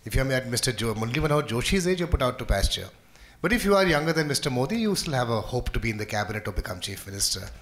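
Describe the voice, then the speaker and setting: Jokey Indian MP on a debate panel. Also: male voice, medium pitch, big pitch swings, a bit bright. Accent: Indian English. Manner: halting, jokey, many restarts. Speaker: member of parliament, panel guest.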